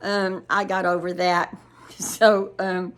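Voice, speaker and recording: A woman's voice: medium pitch, little pitch movement, takes it slowly. An older woman hosting a casual vlog, telling a rambling story and giggling often as she talks to her viewers. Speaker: vlog host.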